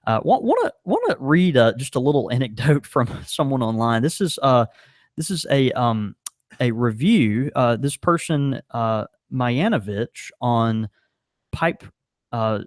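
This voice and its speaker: A man co-hosts a podcast in a loose, rambling way, full of ums and restarts. His pitch swings widely as he talks. The sound is dry and close. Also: a little slow, dry recording. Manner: rambling, many fillers, animated. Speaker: podcast co-host. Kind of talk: casual chat.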